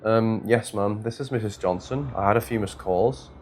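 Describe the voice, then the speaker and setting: A man's voice: on the low side, normal speed, slight background noise, close to an everyday voice. A man voicing a worried, hesitant woman on the phone in a horror story reading. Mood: uneasy. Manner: hesitant, confused. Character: worried woman caller, Mrs Johnson.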